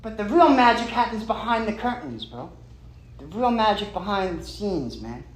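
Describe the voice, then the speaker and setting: A man's voice: high voice, sing-song, moderate pace, roomy sound, low-quality recording. A man sharing at a recovery meeting from a stage. He is emphatic and streetwise, and he keeps dropping "man" and "right".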